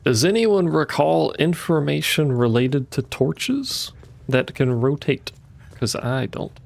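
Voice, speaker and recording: A man streams a video game, talking casually with viewers and muttering to himself as he plays, swearing now and then. His voice is a little high and creaky, with lively intonation and a slow pace.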